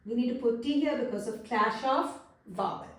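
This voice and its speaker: A woman's voice: on the high side, moderate pace. A woman teaching French grammar, patiently repeating example sentences. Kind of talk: explaining grammar in English. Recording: echoey room, far from mic.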